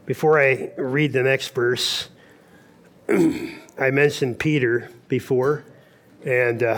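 A man preaching a sermon at a camp meeting, telling Bible stories and acting out the dialogue. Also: mid-range voice. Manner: storytelling, acts out dialogue in quotes.

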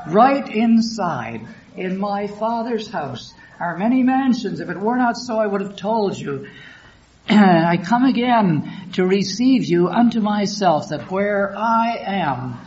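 A man preaching a sermon, reading scripture aloud and explaining it in an earnest, unhurried way. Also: sits high, darkish tone. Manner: slow, earnest, reads scripture in King James wording. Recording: dull lo-fi recording with faint background hiss.

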